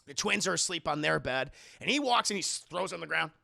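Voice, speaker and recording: A man's voice: a little high, expressive, fast, vocal fry, bright, forceful tone. A young man streaming a casual, profane movie recap while talking to his chat.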